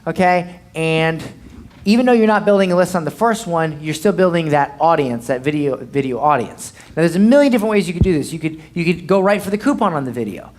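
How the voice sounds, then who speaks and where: Brief: blunt marketing coach in a live Q&A, mid-pitched, punchy and repetitive. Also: a little fast. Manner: punchy and repetitive, peppered with "okay?" and "boom", blunt, occasional swearing.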